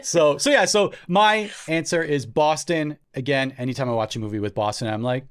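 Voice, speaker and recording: A man's voice: a little high, moderate pace, clear, resonant tone. A young man from Ontario, Canada, co-hosting a podcast in casual chat, rambling with self-deprecating asides. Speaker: podcast co-host.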